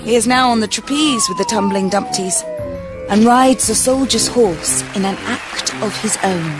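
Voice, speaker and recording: A woman reading a children's storybook aloud in a gentle, expressive way. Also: fairly high pitch, normal speed, over loud music. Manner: gentle, expressive, varied pacing.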